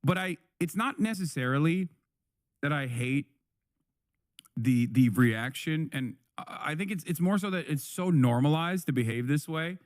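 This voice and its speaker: Streaming live, a man reacts to a video with angry, profane commentary that keeps repeating and restarting. His voice is a little high and animated at a moderate pace, in clean studio sound with no echo.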